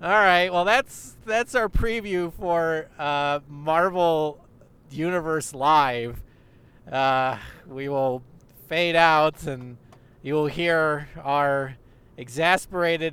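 A man's voice: a little high, normal speed, over music. A young man in comic banter, riffing in long mock-earnest bits while riding in a car. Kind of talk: comedic banter. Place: in a car in traffic.

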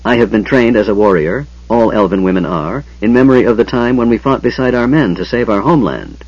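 A man's voice: lowish voice, animated, fairly quick, darkish tone, breathy edge, no echo. A man voicing a headstrong young elf maiden who talks in a petulant, defiant way. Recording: dull lo-fi sound.

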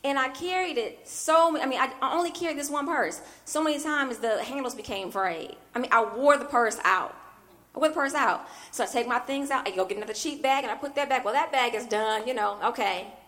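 A woman's voice: high voice, brisk, a bit bright. A woman minister preaching a sermon as a personal story, talking animatedly and often breaking in with "I mean" asides. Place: church.

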